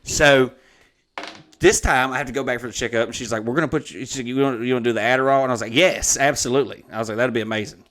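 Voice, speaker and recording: A man's voice: mid-range voice, very fast, fairly bright tone. A man, telling stories in a rambling, profane, laid-back way as co-host of a casual chat. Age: 30s. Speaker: podcast co-host.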